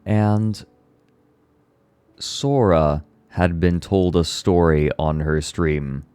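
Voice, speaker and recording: A man casually chatting with viewers on a livestream, laid-back, a little hoarse, swearing now and then. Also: low-pitched, extremely slow, dry recording. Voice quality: slightly hoarse relaxed voice.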